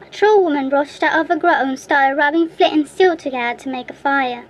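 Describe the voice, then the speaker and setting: A woman reading a fairy tale aloud as an audiobook narrator in a clear, steady way. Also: sits high, brisk, hardly any pauses, dull audio, a little hiss or hum. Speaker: audiobook reader. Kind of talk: storybook narration.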